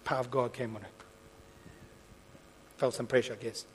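A man preaching, telling a story and acting out its dialogue, moving between soft asides and loud impassioned peaks. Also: mid-range voice, fairly even intonation, normal speed, a little hiss or hum, rough recording. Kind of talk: storytelling sermon.

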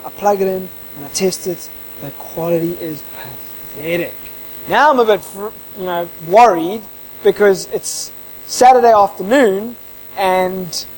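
A man who interviews people, telling a casual anecdote in an animated way and acting out the dialogue. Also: high-pitched, a little hiss or hum, rough recording.

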